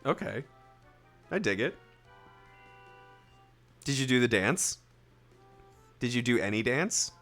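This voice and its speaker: A man's voice: mid-range voice, lively intonation, slow, long pauses, a bit bright, faint music behind. A man in his thirties, chatting casually and teasingly while streaming a game, laughing often.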